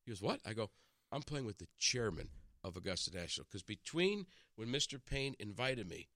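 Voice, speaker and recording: On the low side and brisk, a man's voice comes through dry on a studio microphone. Sitting in as a radio guest, he tells stories casually, animated and prone to restarts, voicing the quotes himself.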